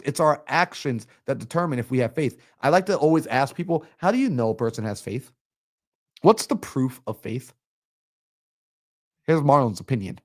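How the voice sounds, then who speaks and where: A man coaching on a live stream, energetic and preachy, acting out little everyday scenes. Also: mid-range voice. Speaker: mindset coach. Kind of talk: motivational live-stream talk.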